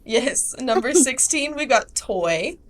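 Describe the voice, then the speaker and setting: A young woman hosting a podcast in casual chat, chatty and quick to laugh. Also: high voice, animated, over a noisy crowd. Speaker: podcast host.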